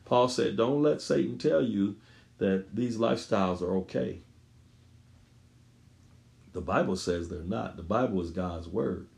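A man's voice: fairly low pitch, unhurried, vocal fry, long pauses, darkish tone. A male pastor preaching a sermon with emphasis, repeating key phrases and punching out important words.

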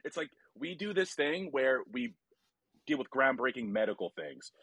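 A man's voice: mid-range voice, expressive, normal speed, a bit bright, breathy edge, no room sound. A man appearing as a comedian guest on a podcast, chatting animatedly, laughing, and acting out other people's lines. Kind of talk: casual comedic chat.

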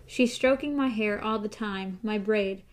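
A woman's voice: mid-range voice, unhurried. A woman host casually recapping a book and reading passages aloud. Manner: recaps chattily with fillers.

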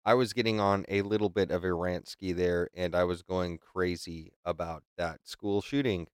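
A man hosting a casual podcast, talking heatedly and with a lot of swearing, loud at times and low and subdued at others. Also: fairly even intonation, moderate pace, smooth, dry recording, studio quality. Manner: heated, profane, swings from yelling to subdued. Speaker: podcast host.

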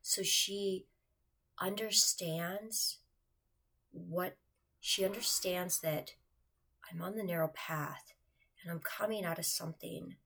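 A woman's voice: fairly low pitch, fairly even intonation, slow, pauses often, sharp tone, husky. A woman telling viewers an earnest personal faith testimony in a confiding way, often dropping to a whisper. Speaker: churchgoer sharing a faith testimony.

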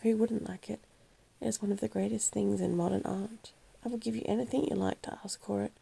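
Worldly cynical gentleman read by a woman, offhand, gravelly and mellow, storybook reading. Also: medium pitch, fairly even intonation, a little fast.

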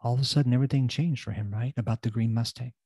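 A man's voice: mid-range voice, steady tone, very fast, husky, no room sound. Preachy motivational man, dry close sound. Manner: preachy, repeats phrases, swings from loud emphasis to quiet asides. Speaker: podcast host. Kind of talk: motivational talk.

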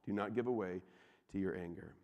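A young adult man preaching a sermon, telling stories with animated swings from loud outbursts to hushed asides, in a church. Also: low-pitched, fairly quick, muffled recording. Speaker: pastor. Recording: long hall reverb.

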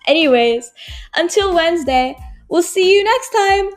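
A woman's voice: very high voice, animated, measured pace, faint music behind. A woman co-hosting a podcast who reacts to the story and laughs easily. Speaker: podcast co-host. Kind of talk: casual podcast chat.

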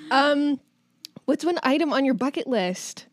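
A woman co-hosting a podcast, upbeat, asking a guest quick questions. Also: sits high, animated, dry recording, studio quality. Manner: upbeat, asks interview questions. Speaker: podcast co-host. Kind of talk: casual chat.

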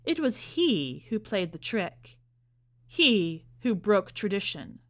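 A woman reading a story aloud, voicing a defiant young woman who speaks in a steady, cutting way. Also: mid-range voice, slow pace. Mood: accusing. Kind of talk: audiobook character voice.

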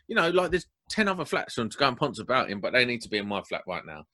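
A young man tells a story on a casual podcast, blunt and animated. His voice has a bright, forceful edge. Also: medium pitch, fast talker. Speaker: podcast host.

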